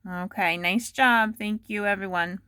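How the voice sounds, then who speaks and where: Young woman teacher, patient, unhurried dictation, dry close sound. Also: mid-range voice, fairly even intonation, bright, forceful tone, smooth, no echo. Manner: slow, deliberate dictation with repeated words. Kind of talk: dictating a spelling test for remote students.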